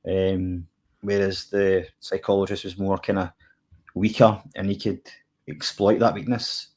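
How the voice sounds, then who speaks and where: A man's voice: low voice, little pitch movement, a little slow, darkish tone. A Scottish man co-hosting a chat about a TV episode, talking loosely with lots of fillers. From Scotland. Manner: rambling, filler-heavy, lots of "kinda" and "like". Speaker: podcast co-host reviewing TV. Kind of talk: casual chat.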